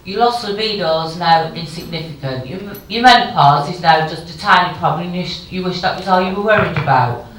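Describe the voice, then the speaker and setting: A woman's voice: fairly low pitch, a little fast, few pauses, fairly bright tone. A woman in her fifties giving a frank, emotional conference speech with wry humour. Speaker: keynote speaker. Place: conference hall. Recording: very echoey hall, far from the mic.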